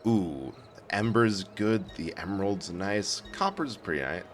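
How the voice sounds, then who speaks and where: A man's voice: low-pitched, expressive, a little slow, soft background music. A man chatting casually and joking to his viewers while he plays a video game on a live stream, laughing often. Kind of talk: casual live gameplay commentary.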